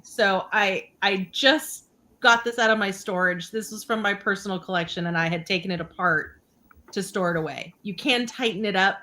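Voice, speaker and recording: A woman's voice: mid-range voice, bright, forceful tone. A woman guest seller presenting a vintage item on a live sale, talking in an easygoing, rambling way. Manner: easygoing, rambling product talk.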